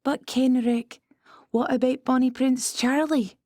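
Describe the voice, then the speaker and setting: A woman voicing a calm, wry witch in an audiobook, speaking in a measured, deliberate way. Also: high-pitched, no room sound, studio quality. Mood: probing. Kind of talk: audiobook character voice.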